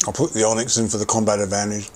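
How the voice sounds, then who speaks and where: A man's voice: fairly low pitch, flat delivery, racing, a little hiss or hum. A middle-aged man streaming a game, rambling casually about his gear and occasionally swearing. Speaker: gaming livestreamer. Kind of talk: casual gameplay commentary.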